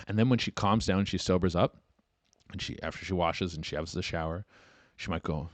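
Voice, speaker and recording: A Canadian man hosts a comedy podcast, reading write-ins and riffing on them with crude humor. His lowish voice swings widely in pitch as he acts out both sides of each scene. The sound is close and dry. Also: expressive, rapid-fire, no room sound, highs cut off. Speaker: podcast host.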